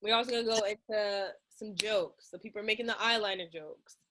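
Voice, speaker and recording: A young woman hosting a casual interview, her voice sitting at a middle pitch. She talks in a relaxed, slangy way and keeps the banter easy and playful. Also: a little fast, a little hiss or hum. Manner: relaxed, slangy, friendly teasing. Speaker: interview host. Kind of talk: casual chat.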